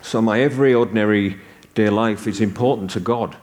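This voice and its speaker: A man's voice: fairly low pitch, brisk, darkish tone. A man in his sixties from the north of England, preaching a sermon and telling stories with humor. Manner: conversational storytelling with humor.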